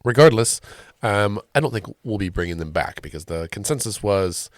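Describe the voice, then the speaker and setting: Congested low-voiced male podcast host. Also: expressive, moderate pace, no room sound, studio quality. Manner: conversational, wry, sprinkled with ums. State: congested, nasal from a sinus cold. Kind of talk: casual solo commentary.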